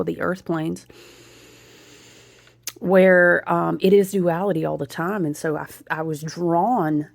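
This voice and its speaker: A woman telling a story in a casual, animated vlog, often checking in with her listeners. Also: on the low side, no echo. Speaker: spiritual content creator.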